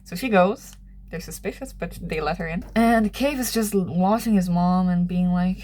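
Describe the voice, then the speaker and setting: A woman's voice: fairly low pitch, moderate pace, a little mellow. A young woman vlogger casually telling a long story while drawing, rambling and laughing at herself.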